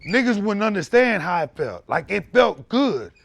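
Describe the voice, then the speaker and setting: Gravelly, loud-talking man telling his story. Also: high-pitched, moderate pace, noisy background. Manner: loud, animated, swears freely. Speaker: podcast guest. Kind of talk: candid storytelling conversation.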